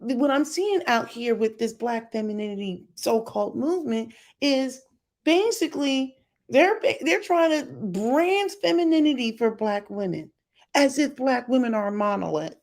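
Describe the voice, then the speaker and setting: A woman's voice: fairly high pitch, expressive, normal speed, a little mellow. A middle-aged woman vlogger giving blunt, emphatic opinion commentary straight to her viewers.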